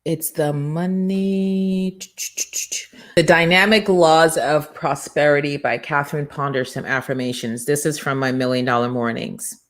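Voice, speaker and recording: A woman hosting a motivational morning show, talking in an energetic, preachy and emphatic way from a studio. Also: deep voice, a little slow. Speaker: show host and business coach.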